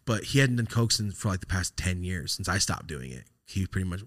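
A man's voice: sits low, fairly quick, dry recording, clean studio sound. A man, casually telling a story on his podcast, swearing and laughing as he talks. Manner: profane, animated, laughs while telling. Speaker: podcast host.

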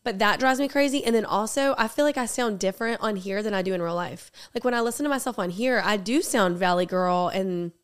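A young woman co-hosting a podcast in casual, jokey chat, talking in quick bursts. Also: mid-range voice, smooth. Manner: chatty, jokey, talks fast in bursts. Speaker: podcast co-host.

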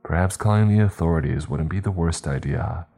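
A man reading a horror story aloud in steady, measured, scripted narration. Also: low voice, gravelly, slightly rough.

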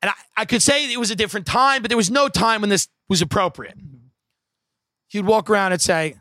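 A man's voice: sits high, brisk, bright, forceful tone, no echo, clean studio sound. A man doing stand-up, telling a rambling story in a wry, profane way with many asides. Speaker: comedian.

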